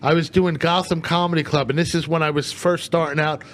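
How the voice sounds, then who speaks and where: A man's voice: fairly high pitch, fairly quick. A man, a comedian guest, telling stories on a podcast and animatedly acting out the people in them. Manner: animated, acts out quotes in a raised voice. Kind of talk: casual podcast storytelling.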